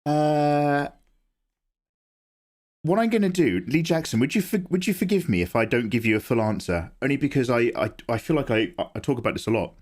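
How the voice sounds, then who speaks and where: A man's voice: medium pitch, lively intonation, normal speed, darkish tone. A young man streaming live, chatting and joking in a rambling way from his home setup. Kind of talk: casual live-stream chat.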